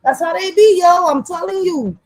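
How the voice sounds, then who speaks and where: A high-pitched young woman rants on a livestream, animated, profane and heated. The recording is dry and close, with almost no room sound. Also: normal speed, dry recording, rough recording. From Philadelphia. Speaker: vlogger. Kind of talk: livestream rant.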